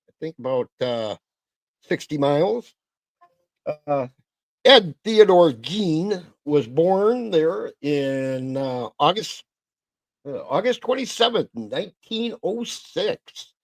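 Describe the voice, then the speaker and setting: A middle-aged man with a Wisconsin accent hosting a casual livestream, halting and full of fillers and self-corrections. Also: fairly high pitch, creaky, no room sound. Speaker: host of a livestream.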